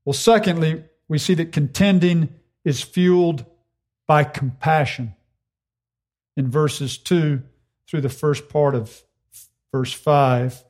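A man preaching an expository sermon, earnest and emphatic, slowing down to repeat key phrases for weight. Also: a little high.

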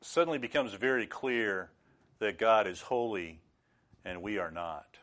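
Earnest low-voiced man preaching. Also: lively intonation. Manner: earnest, measured preaching with sudden loud bursts. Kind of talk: sermon.

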